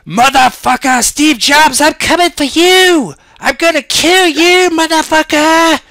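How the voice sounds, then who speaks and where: A man's voice: high voice, lively intonation, a little slow, gravelly, bright, forceful tone, slightly rough, no room sound, studio quality, voice pushed up, exaggerated voice. A man playing a boastful, foul-mouthed billionaire inventor who screams threats and brags. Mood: screaming fury. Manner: screaming threats and bragging, cackling.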